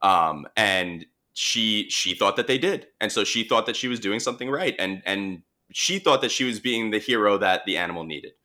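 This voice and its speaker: Bright-voiced man with a Long Island accent. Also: on the low side, lively intonation, normal speed, few pauses. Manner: chatty, many restarts and fillers. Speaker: marine mammal responder. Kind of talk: casual storytelling conversation.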